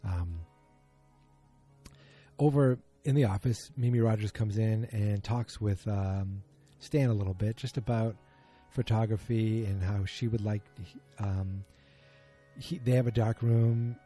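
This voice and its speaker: A man with a husky, very dark and mellow voice talks through a TV episode as a podcast host. He rambles casually, stops to correct himself and fills gaps with ums. Faint music sits behind him. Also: on the low side, measured pace. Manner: rambling, filler-heavy, self-correcting. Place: at home beside a muted streaming screen.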